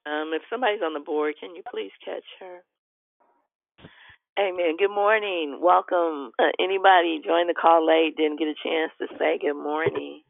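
A woman leading a prayer call over the phone, praying fervently, greeting callers warmly and laughing often. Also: low-pitched, steady tone, moderate pace, vocal fry, no echo. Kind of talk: prayer and devotional teaching on a call. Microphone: phone on a conference call. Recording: tinny phone line.

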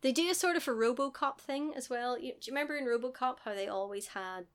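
A woman co-hosting a podcast, recapping a film in animated casual chat full of laughs and quick impressions. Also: sits high, clear, resonant tone.

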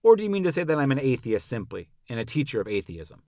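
Guy reading as old philosopher on trial, sharp rhetorical questions, dry close sound. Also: mid-range voice, very animated, fast talker, dry recording. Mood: probing, indignant. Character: elderly male philosopher on trial, probing and ironic. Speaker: podcast narrator. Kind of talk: dramatic reading of a classical dialogue.

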